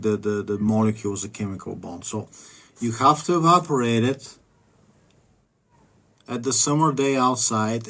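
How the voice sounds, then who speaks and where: A man ranting in a casual vlog, rambling with many fillers and restarts. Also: fairly low pitch. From Bulgaria. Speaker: vlogger.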